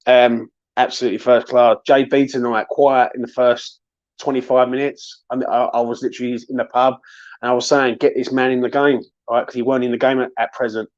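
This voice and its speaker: A man hosting an excited fan chat after a match, emotional and sweary, calling everyone mate and bruv. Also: medium pitch, fairly quick, no echo, muffled recording. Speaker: fan channel host.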